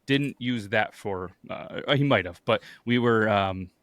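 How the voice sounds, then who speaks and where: A man's voice: on the low side, unhurried, fairly bright tone, no echo, clean studio sound. A man hosting a podcast, telling stories in a laid-back way with crude jokes and lots of fillers. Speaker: podcast host. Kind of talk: casual chat.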